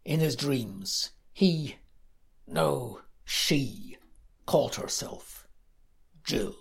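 A woman reads her own fantasy story with a lively, swooping voice. Her tone is gravelly and a little husky, and she takes it slowly. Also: extremely low pitch. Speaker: story contributor. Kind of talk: reading her own flash fiction.

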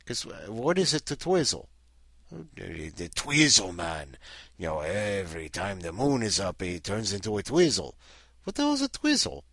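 A man's voice: lowish voice, sing-song, normal speed, gravelly, a bit bright, no room sound, clean studio sound. A man hosting in character as Count Dracula, rambling and joking with lots of fillers. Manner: rambling, jokey, full of fillers. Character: Count Dracula, male vampire host, rambling and punning. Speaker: host.

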